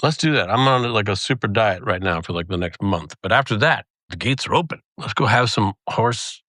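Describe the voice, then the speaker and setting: A man's voice: fairly low pitch, animated, fairly quick, sharp tone, dry recording, studio quality. Easygoing middle-aged man chatting. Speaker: podcast guest. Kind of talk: casual chat.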